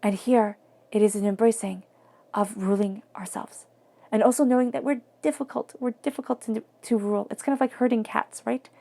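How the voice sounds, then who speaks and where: A woman giving a tarot reading in a soft, flowing, reflective way, sometimes dropping to near-whispers. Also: a little high, fairly even intonation, fairly quick, vocal fry. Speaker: tarot reader.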